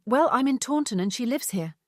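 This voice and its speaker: A woman voicing a confident young woman who is a spirited amateur investigator, brisk and teasing. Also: fairly high pitch, lively intonation, darkish tone, no room sound, clean studio sound, voice pushed up, natural voice.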